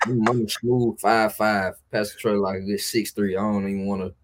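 A man's voice: lowish voice, flat delivery, moderate pace, slight background noise. Laid-back man telling road stories. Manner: loose, profane, laid-back storyteller. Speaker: podcast guest. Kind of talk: casual storytelling chat.

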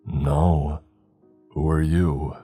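Ancient nameless wall spirit, a man voicing it: very low, husky, slow and formal. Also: flat delivery, mellow, faint music behind, exaggerated voice. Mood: eerie, calm. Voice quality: deep, raspy.

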